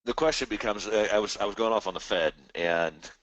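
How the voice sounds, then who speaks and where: A man's voice: on the low side, brisk, fairly bright tone, dry recording, dull audio. A man hosting a live trading stream, rambling casually and animatedly about markets and the economy, now and then mimicking other people's voices. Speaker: trading webinar host.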